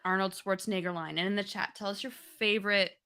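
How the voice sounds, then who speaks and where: A woman in her thirties co-hosting a live podcast, talking in an animated way and laughing often. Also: medium pitch, quick pace, clear, resonant tone. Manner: animated, laughs often, breaks into movie impressions. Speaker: podcast co-host. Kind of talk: casual live podcast chat.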